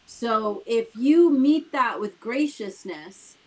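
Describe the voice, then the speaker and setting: A woman's voice: a little high, animated, slow, rough recording. A woman hosting a casual talk show, explaining her points earnestly and checking in with "right?". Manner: earnest, talks things through with repeated "right?". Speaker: host.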